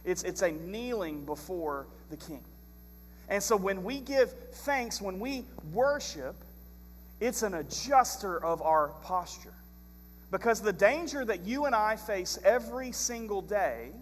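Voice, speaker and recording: Man preaching, fairly high voice, animated storyteller, long church reverb, faint hum. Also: measured pace. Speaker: pastor. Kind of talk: sermon. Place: church sanctuary.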